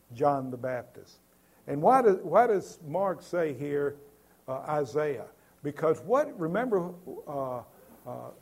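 A man's voice: a little high, creaky, darkish tone. A man preaching a sermon earnestly, with many filler sounds and repeated words.

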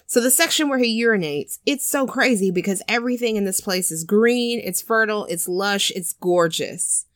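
On a casual podcast, a female co-host with a medium-pitched, slightly bright voice recounts a film's plot at a moderate pace. She's animated, acting out the characters' lines with cursing and laughter. The audio is studio quality with no echo.

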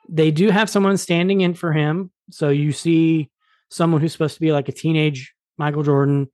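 Male podcast host, eager casual film chat, slightly high voice, dry close sound. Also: fairly even intonation, fairly quick, a little mellow, no room sound. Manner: enthusiastic, frequent word repeats. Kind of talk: casual movie review chat.

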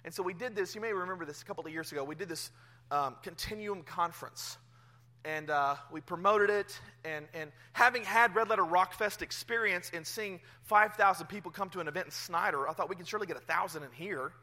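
A male pastor, around his thirties, preaching a sermon in church, telling a personal story with swings from hushed to loud. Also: high voice, fairly quick. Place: church sanctuary.

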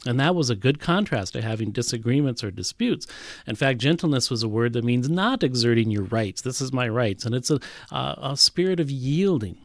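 Male pastor, lively sermon voice, dry close recording, emphatic teaching. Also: mid-range voice, a little fast, no room sound. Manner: animated Bible teaching with emphatic repetition.

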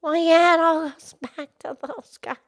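Squeaky excitable pig host, a woman doing the voice, high sing-songy kids podcast chatter. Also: normal speed. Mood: cheerful. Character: bubbly, chatty female pig show host. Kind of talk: in-character kids' podcast chat.

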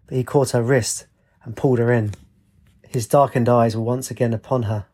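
A man narrating a story with a steady, dramatic reading. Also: mid-range voice, breathy edge.

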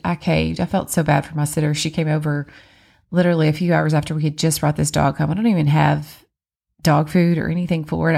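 A woman in her thirties, a mother of four, telling a personal story in a chatty, animated way and acting out what people said. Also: deep voice, creaky.

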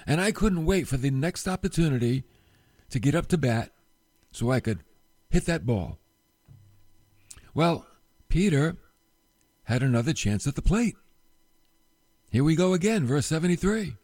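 A man preaching a sermon, retelling a Bible story with animated storytelling and rhetorical questions, going low and soft at solemn moments. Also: unhurried, pauses often, dry recording. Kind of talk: sermon podcast.

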